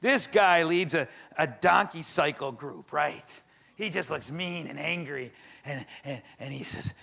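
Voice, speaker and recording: A man preaching a sermon, retelling a story in a casual, animated storytelling way. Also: fairly high pitch, normal speed, vocal fry. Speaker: pastor.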